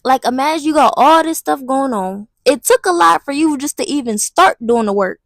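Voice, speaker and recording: A woman's voice: high-pitched, lively intonation, moderate pace, dry recording. A young woman telling a dramatic, slangy storytime vlog. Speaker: vlogger. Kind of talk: casual storytime monologue.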